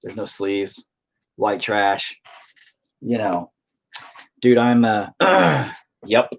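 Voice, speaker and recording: A man's voice: on the low side, animated, drawn-out words, gravelly, husky. A man with a rural Southern US accent, chatting casually while he paints, rambling, profane and self-mocking. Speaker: painting video host.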